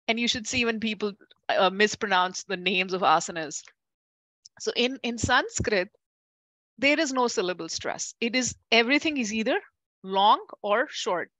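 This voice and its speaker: A woman teaching a class, chatty and lively, calling on students by name and laughing easily. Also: mid-range voice, unhurried, dry recording. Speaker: Ayurveda teacher. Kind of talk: classroom lecture with questions to students.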